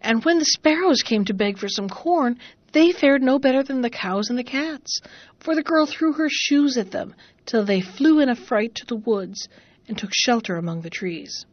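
A woman reads a fairy tale aloud in a measured, expressive storytelling voice. Her voice sits fairly high. The recording is dry and a bit dull. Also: no echo. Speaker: narrator. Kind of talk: storybook narration.

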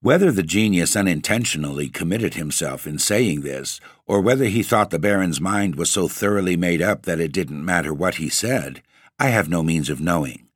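A man narrating a classic ghost story in a theatrical, measured reading. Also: deep voice, expressive, no room sound, clean studio sound.

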